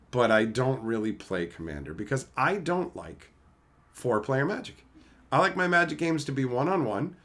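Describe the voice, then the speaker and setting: A man streaming live, talking casually and profanely, mocking people and building into loud, shouted rants. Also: a little high. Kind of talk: casual livestream rant.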